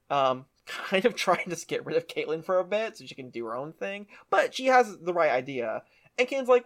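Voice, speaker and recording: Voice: medium pitch, animated, moderate pace. A podcast co-host casually recapping a show, retelling scenes with enthusiasm. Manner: enthusiastic retelling with quoted voices.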